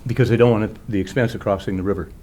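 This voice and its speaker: A man's voice: fairly low pitch, steady tone, racing, a little mellow, a little hiss or hum. A man on a city commission, talking in a rambling, conversational way during a meeting. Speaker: commission member. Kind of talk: meeting discussion.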